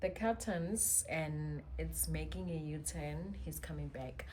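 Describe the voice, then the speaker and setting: A woman telling a personal story as a vlogger, chatty and expressive with many asides. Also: deep voice, slow pace, slight background noise. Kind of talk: storytime monologue.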